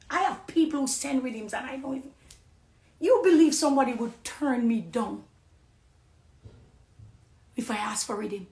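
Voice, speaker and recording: A high-voiced Jamaican woman testifies to her listeners with raw passion. She drops to hushed pleading, then rises loud and forceful. Her voice rings off the walls of an echoey room. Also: expressive, unhurried, long pauses. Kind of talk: impassioned testimony.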